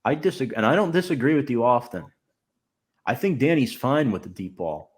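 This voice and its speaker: A man's voice: mid-range voice, very animated, a little fast, slightly rough. A man hosting a casual podcast, reading out viewer comments and giving firm opinions. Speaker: podcast host.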